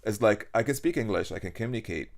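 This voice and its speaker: Young man, arabic accent, casual talk, animated, filler-heavy, fairly low pitch. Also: fast talker, creaky. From Iraq. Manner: animated, laughs often, many fillers and restarts. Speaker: podcast guest. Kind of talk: casual conversation.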